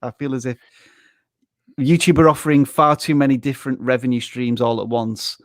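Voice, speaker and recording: Yorkshire-accented male co-host, mid-pitched, frank and opinionated, dry close sound. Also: level tone, brisk, no echo. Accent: Yorkshire English. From Yorkshire, England. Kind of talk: live Q&A chat.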